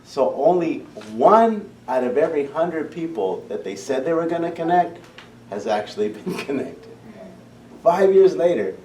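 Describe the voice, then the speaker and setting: A man's voice: fairly high pitch, very animated, unhurried, mellow. Male program founder, fired-up talk to parents, heard from across an echoing room. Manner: passionate, repeats and restarts phrases. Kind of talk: impassioned public talk. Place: school meeting room. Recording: echoey room, distant mic, faint hum.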